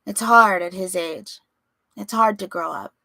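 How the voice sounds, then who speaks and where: Icy calm mother, read by a woman, measured and quiet. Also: gravelly, dry recording, heavily acted. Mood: coolly calm. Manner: low, even, measured.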